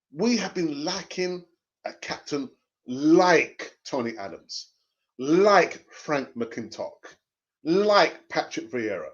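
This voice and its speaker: A man hosting a live fan stream, reading viewer comments and arguing his views with passion, often repeating phrases for emphasis. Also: a little high. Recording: dull lo-fi stream audio.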